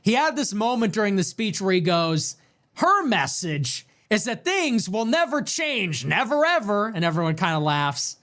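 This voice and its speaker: A man giving an emphatic, animated political monologue, full of "like" fillers and restarts. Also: high voice, normal speed. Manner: animated, emphatic, swings between excited and somber. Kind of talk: casual monologue.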